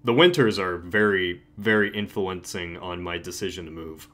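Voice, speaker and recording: A man's voice: deep voice, moderate pace, a bit bright. A young man hosting a casual livestream chat, rambling with many restarts and frequent laughs. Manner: rambling, self-interrupting, laughs often. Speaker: channel host.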